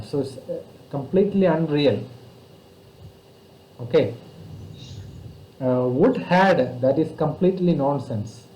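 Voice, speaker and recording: A man with an Indian English accent from Kerala, teaching grammar online over a video call, explaining slowly and patiently with many fillers. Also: fairly high pitch, warm tone, echoey room, a little hiss or hum, poor audio. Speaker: English tutor.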